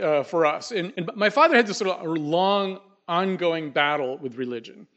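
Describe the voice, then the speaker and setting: A man's voice: a little high, lively intonation, a little fast, few pauses, fairly bright tone. Wry middle-aged man telling a story. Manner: wry, conversational, with asides. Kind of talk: live storytelling. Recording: dull lo-fi recording.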